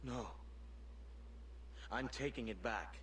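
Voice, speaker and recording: An actor playing a determined pirate captain with a firm, steady delivery. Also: male voice, medium pitch, slow. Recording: game audio with noise.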